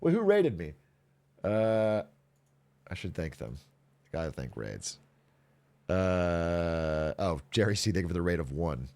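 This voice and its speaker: A man's voice: deep voice, slow pace, long pauses. A man streaming to his chat, casually retelling an episode with lots of laughter and acted-out voices. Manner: animated storyteller, acts out characters, laughs often, swears.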